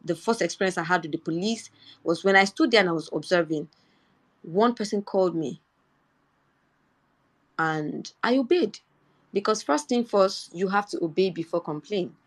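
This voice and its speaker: Nigerian woman telling a protest story. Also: fairly low pitch. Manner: earnest storytelling, rising indignation when quoting herself. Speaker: Twitter Space speaker. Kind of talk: personal account in a live audio chat.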